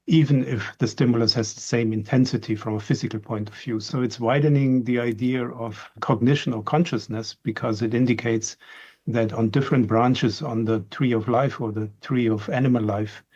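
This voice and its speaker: A man's voice: fairly low pitch, darkish tone, lo-fi sound. A man scientist, a guest on a radio science programme, explaining brain research in a precise, technical way. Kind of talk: explaining in interview.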